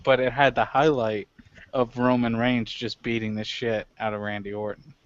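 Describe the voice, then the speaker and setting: A man co-hosting a casual talk show, cracking dry deadpan jokes. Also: medium pitch, normal speed, lo-fi sound, a little hiss or hum. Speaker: co-host. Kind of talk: casual chat.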